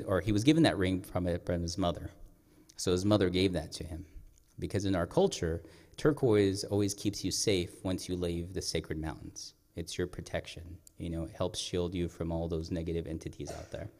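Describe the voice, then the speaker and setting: A man's voice: sits low, a little mellow. A young man, a storyteller, telling a personal story on stage in an earnest, reflective way. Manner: earnest, reflective, pauses and clears throat. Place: performing arts center stage. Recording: long hall reverb.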